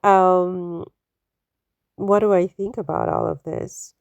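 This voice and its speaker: A woman's voice: on the low side, fairly even intonation, takes it slowly, creaky, a little mellow, no echo, lo-fi sound. A woman hosting an opinion commentary, skeptical, asking one rhetorical question after another with many fillers. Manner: skeptical, full of rhetorical questions and "you know"s. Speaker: commentary channel host.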